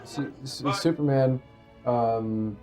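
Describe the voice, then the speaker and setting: A man in his thirties, an actor, speaking thoughtfully in an interview, pausing and restarting his phrases. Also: medium pitch, fairly even intonation, mellow, faint music behind. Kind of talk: sit-down interview.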